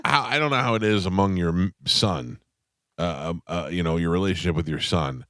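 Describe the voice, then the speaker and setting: Male radio host, very low voice, loose joking ramble, dry booth sound. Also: a little fast, a bit bright, no room sound. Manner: rambling, joking, drops into mock voices for quotes. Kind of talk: casual studio banter. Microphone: studio microphone.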